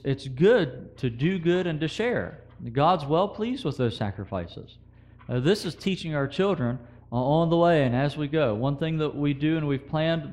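Man, preacher, conversational sermon, slightly higher voice, quoted verses and asides. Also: darkish tone.

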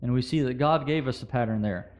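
A man's voice: medium pitch, quick pace. A man preaching a sermon, talking through scripture in a conversational way with quoted verses and asides to the congregation.

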